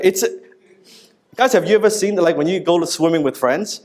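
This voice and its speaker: A man in his thirties giving a live business seminar, telling stories in an animated, casual way with frequent asides and some swearing. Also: sits high, normal speed. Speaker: business speaker. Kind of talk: live seminar talk to an audience.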